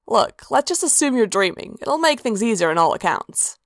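A woman's voice: fairly high pitch, sing-song, normal speed, no room sound, clean studio sound, voice pushed up. A woman doing a smug, teasing demon prince. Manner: breezy, teasing delivery, lifted well above her narration. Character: smug, carefree male demon prince of indulgence.

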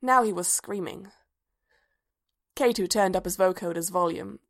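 A woman narrating a story aloud in a calm, even voice. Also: on the low side, unhurried, vocal fry. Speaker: story reader. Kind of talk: scripted narration.

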